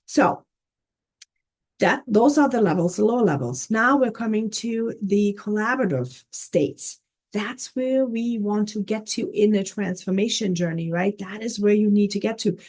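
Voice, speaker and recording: A woman's voice: mid-range voice, moderate pace, darkish tone. A woman life coach teaching in an earnest, casual way, often checking in with "okay?" and "right?". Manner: earnest, repeats words, frequent "okay?" and "right?".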